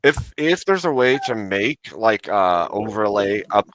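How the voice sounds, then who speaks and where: A man's voice: lowish voice, sing-song, a little slow, fairly bright tone. A man hosting a casual livestream chat over a video call, talking in a joking, laid-back way. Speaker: livestream host.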